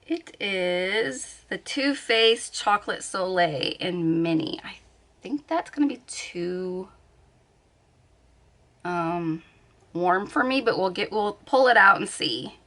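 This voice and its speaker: A woman's voice: mid-range voice, animated, slow pace, fairly bright tone. A woman vlogging from her bed at home, chatting casually, thinking aloud and laughing often. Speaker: beauty vlogger. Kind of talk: casual chat.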